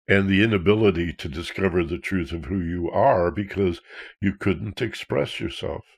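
Counselor, male: very low, gravelly delivery, earnest and explanatory. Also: normal speed. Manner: earnest, explanatory, with rhetorical questions. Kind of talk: talk on emotional self-awareness.

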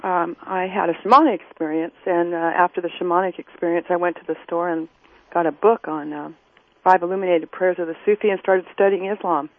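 A woman calling in to a radio show, rambling and hesitant with many pauses. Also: on the low side, steady tone, no room sound. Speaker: caller. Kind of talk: phone-in call. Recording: tinny phone line.

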